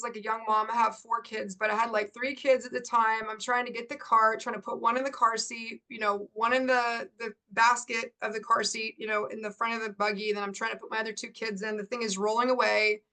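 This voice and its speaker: A middle-aged woman coach, a guest in an interview, telling a story in lively bursts and laughing often. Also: a little high.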